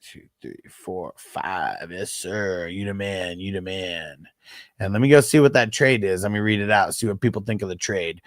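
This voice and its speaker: A man's voice: low-pitched, normal speed, dry recording, clean studio sound. A man in his thirties hosting a fantasy football livestream, chatting casually with viewers in a laid-back, slangy way, with frequent swearing and laughter.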